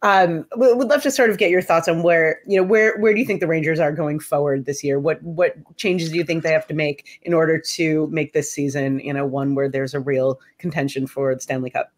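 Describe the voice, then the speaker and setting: A woman co-hosting a podcast, asking her guest questions with hesitant, halting phrasing. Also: sits low. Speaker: podcast co-host. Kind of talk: interview questions.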